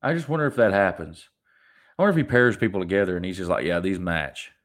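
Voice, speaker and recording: A man's voice: low-pitched, quick pace. A young adult man hosting a solo podcast, ranting animatedly and mocking people in put-on voices. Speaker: podcast host.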